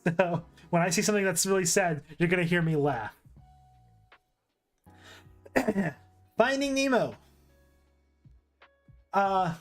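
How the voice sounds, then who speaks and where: A man streaming casual commentary while ranking movies, rambling with restarts and asides. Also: high-pitched.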